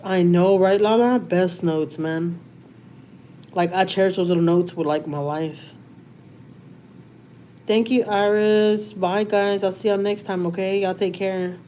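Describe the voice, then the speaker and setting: A chatty woman with a Texan accent talks to her viewers on a home livestream and answers their comments. Her voice sits a little low for a woman. A faint hiss runs under the recording. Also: warm tone. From Houston, Texas. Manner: chatty, reads out viewer comments, says y'all often. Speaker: livestream host. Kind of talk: casual live-stream chat.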